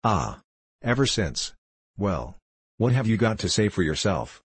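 A man's voice: fairly low pitch, sing-song, unhurried, husky, no room sound, heavily acted. A man reading the part of a mocking, condescending middle-aged diplomat, speaking sharply and cynically. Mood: sneering.

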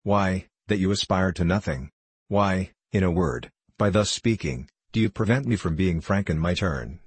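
A man's voice: deep voice, animated, normal speed, slightly rough, no room sound. A man voicing a scheming older bishop and former musketeer who speaks in a formal, pleading, courtly way.

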